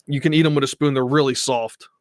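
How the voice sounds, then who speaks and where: A man's voice: mid-range voice, steady tone. Rambling man with a Philly accent. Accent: Philadelphia. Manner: rambling, halting with restarts. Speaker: podcast guest. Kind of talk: casual chat.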